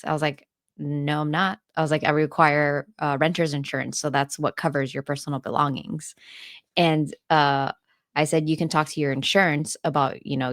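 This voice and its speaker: Low-voiced woman telling a story. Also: no echo, clean studio sound. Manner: laughs often, animated retelling. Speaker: podcast co-host and landlord. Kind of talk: casual storytelling chat.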